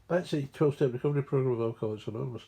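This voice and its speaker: Mumbling Scottish man, gravelly and dark. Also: mid-range voice, very fast. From Scotland. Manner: mumbling, digressive. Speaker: recovery speaker. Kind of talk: rambling spoken explanation.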